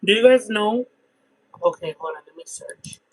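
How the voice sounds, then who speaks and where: A man's voice: high voice, normal speed, breathy edge, low-quality recording. A man voicing a brash, crude trailer-park woman smoker who rambles through gossip in a comedic character monologue.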